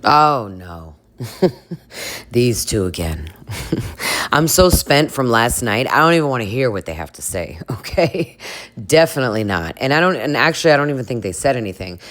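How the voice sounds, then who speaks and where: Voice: medium pitch, very animated, normal speed, fairly bright tone. A vlogger chatting casually through a reality TV recap, gossipy and full of fillers and laughter.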